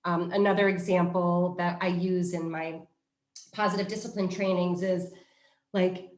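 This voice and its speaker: A middle-aged woman, a positive discipline trainer, giving casual parenting advice in an animated way. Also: fairly low pitch, normal speed. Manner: animated storyteller who acts out quoted voices. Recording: roomy echo.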